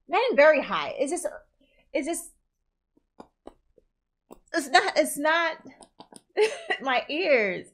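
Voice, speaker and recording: Chatty woman with a bright voice. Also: fairly high pitch, rough recording. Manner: chatty, reads viewer comments aloud, animated. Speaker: reaction streamer. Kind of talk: casual reaction commentary.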